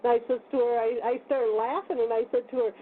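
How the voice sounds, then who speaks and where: Woman talk radio host telling a story, kinda high voice, blunt, sounds like a phone call. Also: quick pace. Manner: animated storyteller, laughs often, rough plainspoken talk. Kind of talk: casual storytelling chat. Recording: tinny phone line with faint noise.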